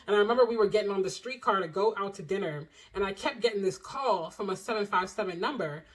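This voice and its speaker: A young woman chatting to her viewers in a casual storytime vlog. Her pitch sits in the middle of the range. She tells the story in an animated, expressive way, with plenty of slang and direct asides to the audience. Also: fast talker, rough recording. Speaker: vlogger telling a personal story.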